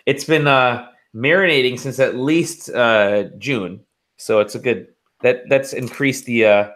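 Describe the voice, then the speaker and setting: A man's voice: medium pitch, unhurried, fairly bright tone. A man co-hosting a casual podcast, rambling through stories with swearing and laughter. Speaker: podcast co-host.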